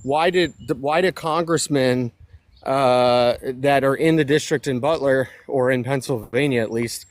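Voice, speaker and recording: A man's voice: mid-range voice, measured pace, dry recording. A man co-hosting a casual political chat, out of breath while walking outside by a road, joking and sarcastic. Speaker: co-host.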